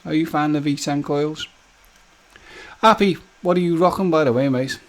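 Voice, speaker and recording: A man's voice: on the high side, moderate pace, slight background noise. Chatty man hosting a live stream. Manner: chatty and jokey, speaks straight to viewers by name; loose rambling talk with many fillers and restarts. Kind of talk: casual live stream chat reading viewer comments.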